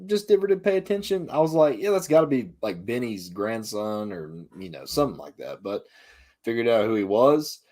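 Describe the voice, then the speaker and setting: A man co-hosting a casual podcast, animated and stammering, with frequent swearing. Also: mid-range voice, moderate pace. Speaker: podcast co-host. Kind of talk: casual chat.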